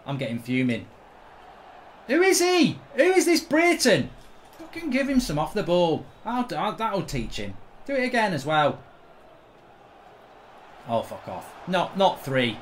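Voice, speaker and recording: A man's voice: high voice, huge pitch swings, unhurried, slight background noise. Exasperated, swearing man. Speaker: gaming channel host. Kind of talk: gameplay commentary.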